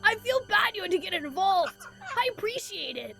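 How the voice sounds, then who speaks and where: A woman's voice: very high voice, very animated, moderate pace, creaky, music in the background, exaggerated voice. A woman reading the lines of a brash, cheeky young male hero in a game, in a mocking, cocky way. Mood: grateful.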